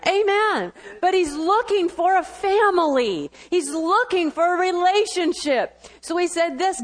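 A woman preaching a sermon in a high, bright voice. She talks in quick bursts and breaks off for laughing asides.

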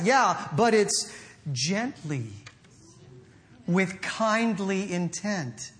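A man preaching a sermon in an animated, playful way, acting out little quotes as he goes. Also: high-pitched. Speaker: pastor.

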